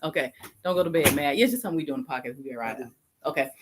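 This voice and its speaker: A woman's voice: low-pitched, very fast, background noise. A woman co-hosting a casual couple's podcast, thinking aloud with many restarts and easy laughter. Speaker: podcast co-host.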